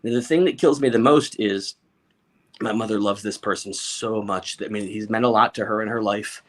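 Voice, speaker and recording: A man's voice: lowish voice, moderate pace. Emphatic man telling a personal story. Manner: emotional and emphatic, with frequent restarts and repeated words. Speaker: podcast guest. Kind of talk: conversational storytelling.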